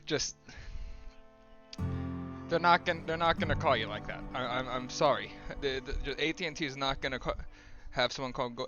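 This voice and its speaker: A man's voice: medium pitch, moderate pace, muffled recording. Casual, rambling male streamer. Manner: rambling, joking, swearing. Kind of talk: casual gaming commentary. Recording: game music behind.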